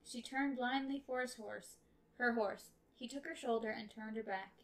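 Wry chatty woman reading a novel aloud, slightly high voice. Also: fairly even intonation, moderate pace, poor audio. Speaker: podcast co-host.

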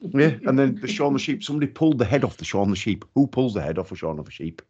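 A man's voice: mid-range voice, fast talker, darkish tone, husky. A man, chatting casually as a podcast co-host, swearing freely and laughing a lot while telling stories. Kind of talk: casual chat. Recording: dull lo-fi audio.

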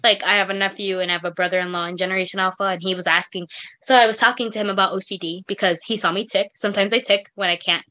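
A woman's voice: mid-range voice, steady tone, fast, bright, forceful tone. A young woman co-hosting a podcast, telling rambling stories with lots of fillers. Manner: chatty, rambling storyteller with many fillers. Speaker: podcast co-host. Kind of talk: casual chat.

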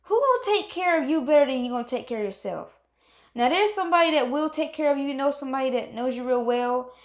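A woman's voice: sits high, lively intonation, fast talker. A woman giving a motivational pep talk, emphatic and preachy, repeating phrases for stress. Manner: calls on God in exclamations. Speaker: motivational speaker.

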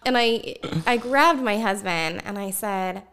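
Casting note: woman guest, mid pitch, animated storyteller with frequent laughs. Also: measured pace, clear, resonant tone. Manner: laughs often while telling, animated. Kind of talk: personal story in conversation.

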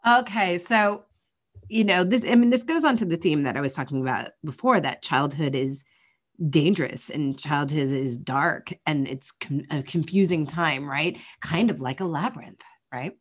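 Woman, podcast co-host, casual chat, earnest, rambling, lowish voice. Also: normal speed. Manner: earnest, rambling, many fillers.

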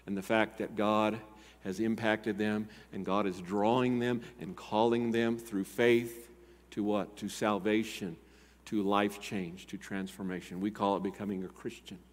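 Older pastor preaching in reverberant hall. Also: male voice, on the low side, level tone, unhurried. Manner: dynamic preaching, swinging between loud urgent appeals and quiet emphasis. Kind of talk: sermon. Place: church sanctuary.

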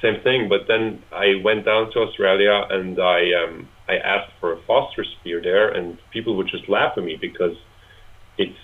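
In a casual interview, the guest, a Swiss man in his twenties, hesitates a lot, filling gaps and restarting his sentences. He speaks at normal speed in a low-pitched, steady voice, and the audio sounds tinny, like a phone call.

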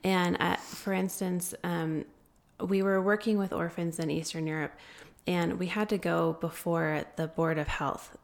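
A woman guest telling a long story in an interview, earnest and pausing often with fillers. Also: lowish voice, fairly even intonation, vocal fry. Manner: earnest, many filler pauses. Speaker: guest, founder of an anti-trafficking group.

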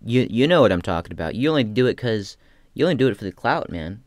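A man's voice: on the low side, sing-song, quick pace, no echo, clean studio sound. A young man talking in a casual rambling monologue, slangy and profane, with lots of restarts. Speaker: aspiring comedian.

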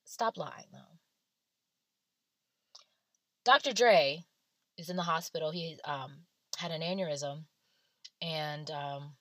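A woman's voice: low voice, a bit bright, no room sound. A woman giving casual, blunt and sarcastic celebrity gossip commentary.

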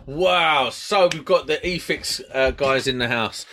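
A man's voice: medium pitch, a little slow, a bit bright, slight background noise. Jokey man hosting a chat. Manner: jokey, teasing banter. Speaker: podcast host. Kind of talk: casual chat.

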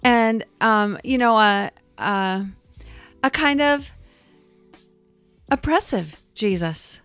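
A woman's voice: fairly high pitch, slow pace, clear, resonant tone, no room sound, faint music behind. A woman who leads a church group, talking about her faith in a heartfelt, emphatic way on a casual podcast. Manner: warm storytelling, heartfelt, emphatic.

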